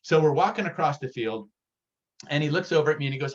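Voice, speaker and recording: An energetic man giving a workshop presentation as a real estate sales coach, talking in an excitable, punchy and direct way. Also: fairly high pitch, quick pace. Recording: dull lo-fi recording.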